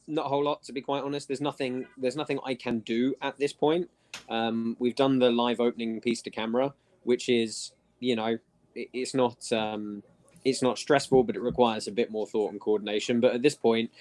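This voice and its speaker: An Englishman with a standard southern English newsreader accent, a broadcaster appearing as a guest, chats casually, self-deprecating and quick to laugh. His voice is medium-pitched and a little mellow.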